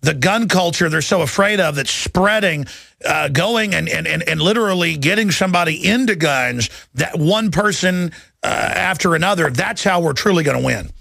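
A man's voice: a little high, lively intonation, normal speed, vocal fry, pushed and bright, dry recording. A man hosting a talk radio show, urgent and restless, piling up restarts as he pushes from one point to the next.

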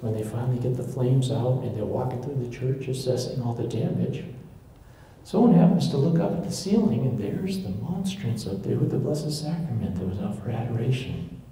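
A man's voice: medium pitch, animated, normal speed, dark tone. A man giving a live storytelling lecture to a local audience, retelling stories and acting out the quoted voices. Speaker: lecturer on church history. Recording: very echoey room, faint noise.

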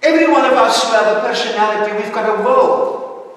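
High-voiced preacher in an echoey hall. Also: male voice, fairly even intonation, a little fast, a bit bright, far from the mic. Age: older. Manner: earnest preaching, hesitant fillers. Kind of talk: sermon. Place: church service.

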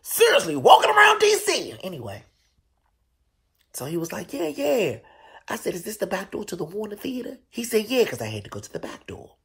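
Animated, gravelly-voiced man telling a story. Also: brisk. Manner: animated, profane storytelling with loud, high bursts. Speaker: show host. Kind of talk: casual storytelling.

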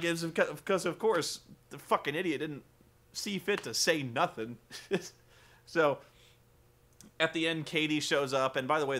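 A man's voice: mid-range voice, bright, forceful tone. A young man rambling through a casual, profane film review, laughing often and acting out characters in quoted voices. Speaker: vlogger.

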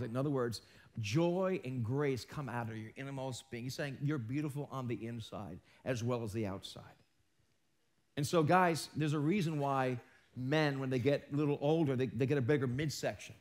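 A man preaching a live sermon in a church, joking and teasing himself between points and talking with his hands. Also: on the high side. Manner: joking, self-mocking asides. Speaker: pastor. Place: church sanctuary.

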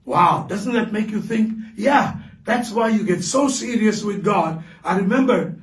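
A man with a South African accent preaching a fervent sermon as pastor, building to shouted declarations in a large church hall. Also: high voice, measured pace, far from the mic. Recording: echoey hall, voice picked up from afar.

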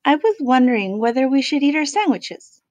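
A woman's voice: high voice, very animated, darkish tone, no echo, lo-fi sound, pitched above the performer's own voice. A woman voicing a worried female wombat who piles up anxious run-on fears in a storybook reading. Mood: cheerful. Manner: anxious, rapid run-on worrying.

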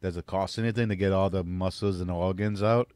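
Low voiced guy in podcast banter, earnest, trips over words, dry sound. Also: fairly even intonation, brisk, darkish tone, smooth, dry recording. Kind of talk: casual chat.

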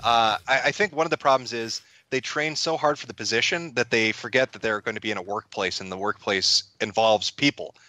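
A man talking as a guest on a casual podcast interview, wry and animated, acting out quotes from others. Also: mid-range voice, a little fast, few pauses, dry recording.

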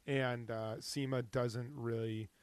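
A man's voice: medium pitch, flat delivery, slow pace, clear, resonant tone, dry recording. A man co-hosting a podcast in casual chat, rambling and hesitant with many restarts. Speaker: podcast co-host.

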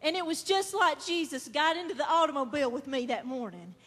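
A woman's voice: high voice, expressive, fairly quick, a bit bright. A woman giving an earnest church testimony that builds to fervent praise. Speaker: testimony speaker. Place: church hall. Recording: long hall reverb.

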